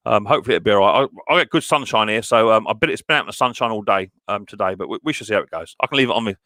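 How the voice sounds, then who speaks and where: A man's voice: fairly low pitch, lively intonation, racing, bright, forceful tone, no echo, studio quality. A man hosting a live stream. He greets viewers one by one by name in a casual style, with many fillers, and calls them mate and buddy boy. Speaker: mower channel host.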